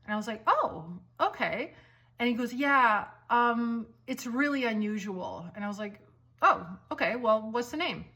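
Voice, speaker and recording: Animated woman telling a story at home. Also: a little high, moderate pace. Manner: animated, acts out quoted dialogue. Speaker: vlogger. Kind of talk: casual storytelling to camera. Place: at home, walking around the house.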